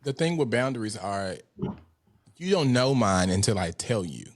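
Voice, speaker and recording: A man co-hosts a podcast in blunt, profane banter, laughing easily. His pitch swings widely as he reacts. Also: big pitch swings, moderate pace. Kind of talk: casual chat.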